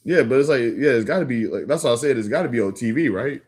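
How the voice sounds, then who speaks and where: A young man chatting casually with viewers on a livestream, rambling with lots of filler words and quick restarts. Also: medium pitch, expressive, darkish tone. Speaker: livestream host. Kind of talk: casual live-stream chat with viewers.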